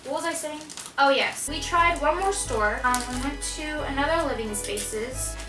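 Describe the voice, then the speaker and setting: A young adult woman chats loosely on camera as she wraps presents, wandering off track and teasing herself along the way. She speaks in a high voice at a moderate speed, picked up from a distance by a camera mic in an echoey room at home with music behind her.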